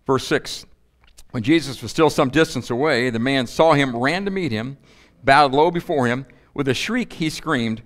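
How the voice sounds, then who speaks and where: Male pastor, mid-pitched, animated delivery with rhetorical questions. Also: a little fast. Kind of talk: sermon. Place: church.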